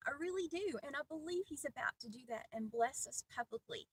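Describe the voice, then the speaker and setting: A middle-aged woman giving a heartfelt personal devotional talk, earnest and pausing often. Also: high voice, expressive, no room sound, far from the mic, low-quality recording. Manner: earnest, heartfelt, with many pauses and fillers. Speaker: Christian video host.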